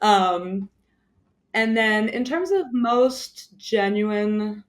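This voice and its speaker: A woman's voice: mid-range voice, very slow. A woman guest in a casual interview, chatty, with many fillers and frequent laughs. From born in the US, grew up mainly in the UK.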